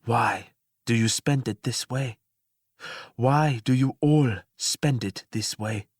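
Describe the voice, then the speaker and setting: A man voicing a calm, detached male immortal who speaks in a measured, quietly lecturing way. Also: medium pitch, no echo. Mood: serene.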